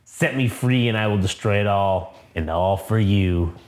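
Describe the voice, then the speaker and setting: A man's voice: on the low side, measured pace, reverberant, lightly acted. A man voicing a menacing, crude male demon Hulk monster as he reads a comic aloud, in a mocking, profane manner. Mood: taunting.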